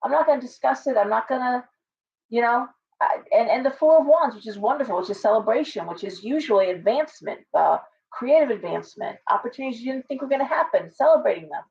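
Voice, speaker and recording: A woman's voice: fairly high pitch, lively intonation, fast, creaky, darkish tone. A woman giving a casual live tarot reading, blunt and chatty, full of asides and restarts. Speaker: tarot reader. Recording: distant, dull lo-fi sound.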